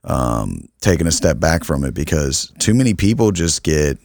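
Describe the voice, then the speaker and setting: A man's voice: extremely low pitch, sing-song, normal speed, creaky, darkish tone, no echo, studio quality. A young adult American man co-hosting a podcast, talking frankly and casually, swearing now and then. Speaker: podcast co-host. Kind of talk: casual chat.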